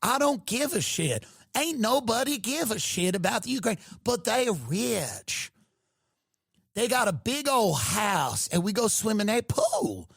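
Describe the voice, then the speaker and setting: A man's voice: high voice, sing-song, measured pace, creaky, fairly bright tone, husky, no room sound, studio quality, full character voice. A man voicing a sassy, blunt old male politician with an American Southern accent, talking like a reptile done pretending.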